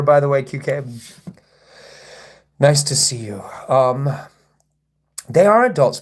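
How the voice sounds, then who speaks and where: A man hosting a livestream, talking to his chat in an indignant, sarcastic, rambling way with frequent restarts. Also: fairly high pitch. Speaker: livestream host. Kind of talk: livestream monologue addressing chat.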